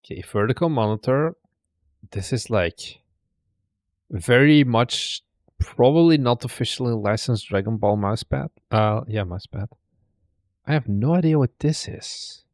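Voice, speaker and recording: Looking through viewers' desk setups, a streamer host reacts to videos with chatty, teasing commentary, thinking out loud. He has a medium-pitched, expressive voice with a darkish tone and measured pace, in clean studio sound with no room sound.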